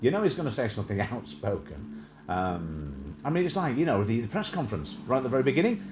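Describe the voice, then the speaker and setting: A man's voice: mid-range voice, very animated, fast, noisy background. A man hosting a live stream, rambling in a jokey, casual way with frequent laughs and restarts. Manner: chatty, jokey, laughs often, many restarts.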